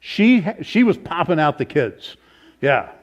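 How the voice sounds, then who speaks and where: A man's voice: a little high, big pitch swings, a little slow. A pastor teaching a Bible study in a conversational way, asking the group questions and thinking aloud as he goes. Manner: informal, thinks aloud, self-corrects. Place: church meeting room. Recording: slightly dull, lo-fi.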